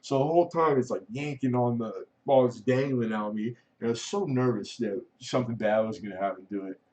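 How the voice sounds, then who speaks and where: A man's voice: fairly quick, a little mellow. A man hosting a casual livestream chat, telling a long personal story in a rambling way, laughing often and trailing off. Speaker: livestream host. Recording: muffled low-fidelity audio.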